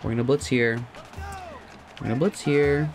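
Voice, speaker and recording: A man giving casual let's-play commentary on a football video game, chatty and thinking aloud, laughing at himself and jumping to loud shouts at big plays. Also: medium pitch, steady tone, normal speed. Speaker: gaming commentator.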